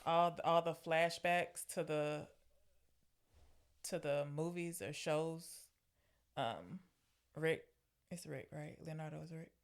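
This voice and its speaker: A woman's voice: low-pitched, slow pace, long pauses. A woman co-hosting a movie podcast in casual chat, wry and questioning. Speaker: podcast co-host.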